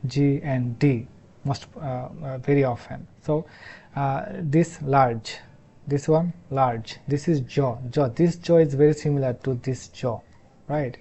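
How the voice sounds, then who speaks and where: A man from Bangladesh with a Bangladeshi accent, a Bangla speaker teaching English pronunciation in a halting way, repeating each sound many times. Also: medium pitch, warm tone. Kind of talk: explanatory lesson.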